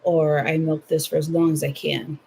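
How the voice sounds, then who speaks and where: Her voice is low, level, gravelly, and warm, moving at a moderate pace over slight background noise. She's a young Southern woman on a livestream, crocheting at home and bantering playfully with viewers.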